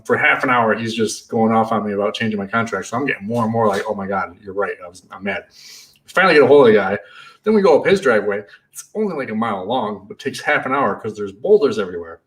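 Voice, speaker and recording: Animated storytelling man, slightly distant mic. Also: lowish voice. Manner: animated, acts out shouting in his stories. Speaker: party rental business owner and YouTuber. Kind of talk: casual storytelling.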